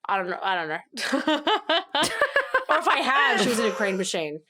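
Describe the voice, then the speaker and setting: A woman's voice: medium pitch, sing-song, moderate pace, noisy background. Laughing Australian woman telling stories. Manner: laughing storyteller, teasing and blunt. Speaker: podcast co-host. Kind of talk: casual chat.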